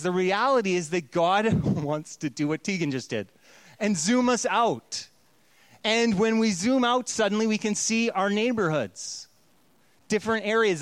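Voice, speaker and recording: A man with a high-pitched voice preaching a sermon in a playful, conversational way. He often acts out quoted voices. The sound is dry and close, with no room echo. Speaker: pastor.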